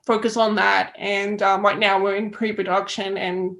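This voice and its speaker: A woman's voice: mid-range voice, flat delivery, moderate pace, a bit bright, poor audio. A woman with an Australian accent, a filmmaker guest chatting casually and acting out the reactions she quotes. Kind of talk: casual interview chat.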